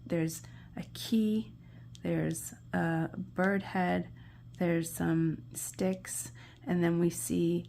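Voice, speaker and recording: A woman reads tarot cards in a low, gravelly, mellow voice, gentle and encouraging. She often sinks into soft whispers while studying the imagery, and a faint hum sits behind her. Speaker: tarot reader. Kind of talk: pick-a-card tarot reading.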